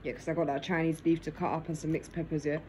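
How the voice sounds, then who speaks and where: A woman's voice: deep voice, flat delivery, fast, a little mellow, slight background noise, low-quality recording. A woman vlogging casually to camera over dinner, filmed on a phone in her lap in her living room, tagging nearly every phrase with "yeah?". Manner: talks while eating dinner.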